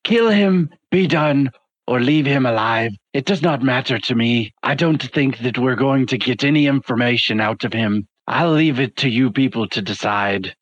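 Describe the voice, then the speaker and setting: A man playing a tabletop game over a voice call, speaking his character's lines in a deliberate, cold way. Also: mid-range voice, a bit bright, no room sound, muffled recording. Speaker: player. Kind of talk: tabletop role-play.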